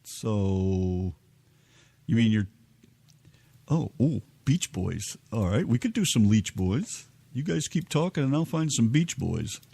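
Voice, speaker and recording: Lively, rambling man on radio. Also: fairly low pitch, takes it slowly, vocal fry, slightly rough. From Kentucky. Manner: rambling, joking, stalling while he hunts for songs. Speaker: radio show co-host. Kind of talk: casual live radio chat.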